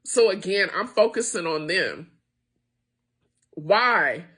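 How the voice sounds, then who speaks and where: A middle-aged woman who founded a small business makes an impassioned, emotional plea to the camera, frustrated and almost crying. She speaks slowly in a lower, expressive voice that is bright and forceful, with a breathy edge.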